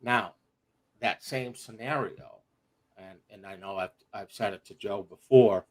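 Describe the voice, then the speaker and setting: A middle-aged man telling a personal story on a livestream, animated and profane, laughing as he goes. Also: lowish voice, unhurried. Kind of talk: casual storytelling.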